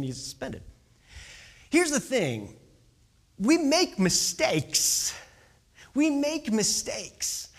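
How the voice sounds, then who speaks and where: A man telling a story with a lesson in an animated, conversational way, often checking in with his listeners as he goes. He speaks as a youth baseball coach. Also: a little high.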